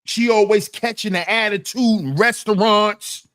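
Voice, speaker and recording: A man's voice: sits high, unhurried, fairly bright tone. A man hosting a commentary channel, talking in a casual, slang-heavy, emphatic way.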